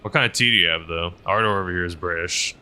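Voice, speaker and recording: A man's voice: sits low, quick pace, pushed and bright. A man chatting casually on a gaming livestream, rambling with lots of fillers and reading chat messages aloud. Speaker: game streamer and helicopter pilot.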